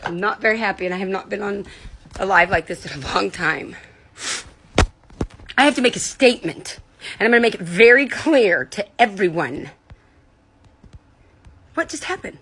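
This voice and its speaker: A woman's voice: medium pitch, animated, moderate pace, long pauses, noisy background. A woman ranting furiously on a phone livestream, swearing and upset, her voice breaking at times. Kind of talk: angry livestream rant.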